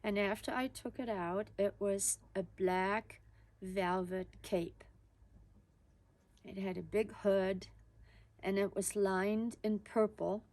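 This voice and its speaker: A woman's voice: mid-range voice, fairly even intonation, takes it slowly, a little mellow, no room sound. A woman telling a personal childhood story in an easy, conversational manner.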